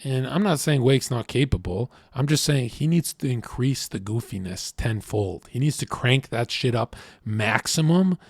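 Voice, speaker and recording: Male streamer, brash and profane, animated storyteller, mid-pitched, dry close mic. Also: moderate pace, few pauses, breathy edge, dry recording. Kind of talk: livestream rant.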